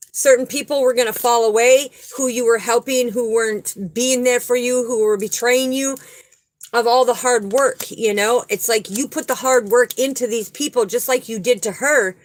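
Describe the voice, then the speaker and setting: Lady doing a spiritual card reading, kinda high voice, earnest and repeats stuff, no room sound at all. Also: no echo, rough recording. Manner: earnest, soothing, repeats words for emphasis. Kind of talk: psychic reading, spoken to the viewer.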